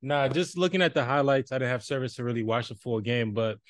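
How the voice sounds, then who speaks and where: Animated man on a podcast, dry sound. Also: medium pitch, fast talker, no echo. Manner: animated, boastful. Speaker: podcast co-host. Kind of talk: casual chat.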